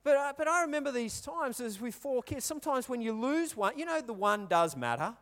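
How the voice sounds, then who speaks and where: His voice very high, a bit bright, and very animated, an Australian pastor in his thirties moves at a fairly quick clip through a chatty sermon. He tells stories and questions the crowd while the hall reverberates.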